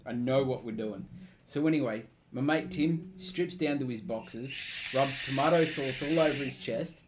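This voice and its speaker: An Australian man co-hosting a casual online chat show, swearing freely and telling animated stories. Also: medium pitch, normal speed, noisy background. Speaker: podcast co-host.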